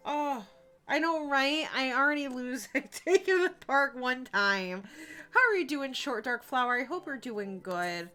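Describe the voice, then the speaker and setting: A young woman streams a game in a high voice that swoops up and down. She talks in an unhurried way, reacting to the game and chatting with her viewers. Soft music plays faintly behind her. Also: expressive, poor audio. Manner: chatty, reacting to the game and reading chat aloud. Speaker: live streamer. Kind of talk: casual gameplay commentary.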